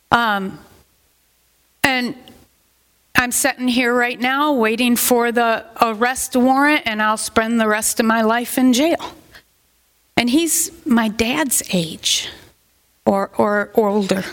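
Chatty woman pastor preaching, high-pitched. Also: a bit bright. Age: middle-aged. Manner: conversational, rambling asides, rising to emphatic questions. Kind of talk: sermon.

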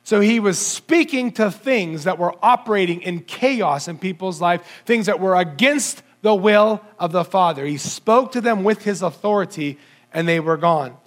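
A man preaching a sermon to a congregation, animated and asking his listeners rhetorical questions as he swings between low and high pitch. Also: normal speed. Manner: audience-addressing with rhetorical questions.

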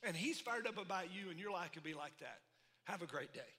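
A pastor's sermon rings through a big, echoey hall, his high and bright voice reverberating off the walls. Folksy and animated, he trades call-and-response asides with the crowd at a fairly quick pace.

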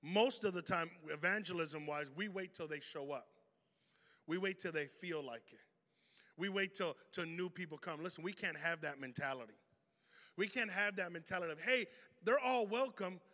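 Animated preacher with a bright voice. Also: male voice, on the high side, normal speed. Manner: animated, swings from loud to hushed. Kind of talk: energetic sermon with storytelling. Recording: reverberant hall.

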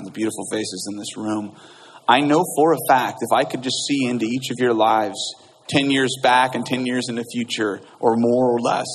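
A man's voice: on the low side, a little hiss or hum. Earnest male pastor in echoey hall. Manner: earnest, halting with restarts. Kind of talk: sermon and communion prayer. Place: church sanctuary.

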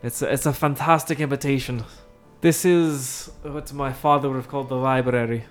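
A man's voice: medium pitch, fairly even intonation, moderate pace, faint music behind, lightly acted. A man voicing a weeping, evasive old king with a put-on Irish accent and grand, archaic speech. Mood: grandiose.

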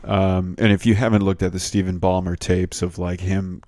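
Very low-voiced man telling a story. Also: normal speed, no echo, clean studio sound. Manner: animated storyteller, loose and joking. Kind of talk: casual chat.

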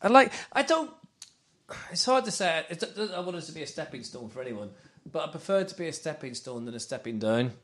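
A middle-aged man from Wales hosting a casual football podcast, rambling and animated with many restarts. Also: a little high, fairly quick. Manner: animated, rambling, self-interrupting. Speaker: podcast host. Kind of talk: casual football fan chat.

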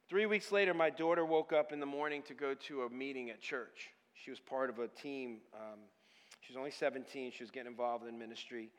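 A man preaching a sermon, telling a personal story and building from quiet storytelling to loud, passionate crying out. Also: mid-range voice, a little fast. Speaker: pastor. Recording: hall with long reverb.

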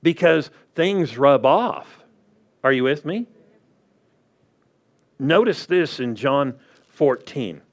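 A man preaching a sermon in a conversational way, often checking in with the congregation. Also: medium pitch. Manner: conversational preaching, asks the crowd "are you with me". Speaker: pastor.

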